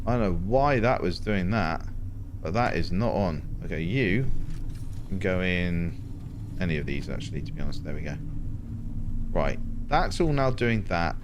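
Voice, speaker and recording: A man, chatting to himself and his viewers while playing a game, with animated exclamations. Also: deep voice, background noise. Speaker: game streamer. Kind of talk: casual gameplay commentary.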